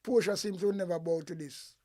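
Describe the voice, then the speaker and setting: A man's voice: high-pitched, fairly even intonation, fairly quick, warm tone. A man with a Jamaican accent, giving heated, profane political commentary in patois.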